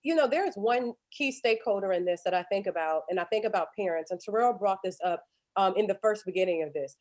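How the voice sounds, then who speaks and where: A woman moderating a panel, asking earnest, probing questions. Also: fairly high pitch. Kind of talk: panel discussion.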